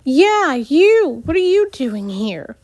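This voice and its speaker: A woman's voice: sits high, sing-song, slow, pitched above the performer's own voice, exaggerated voice. A woman doing a scornful teenage girl. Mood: confrontational. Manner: mocking, huffy, loud.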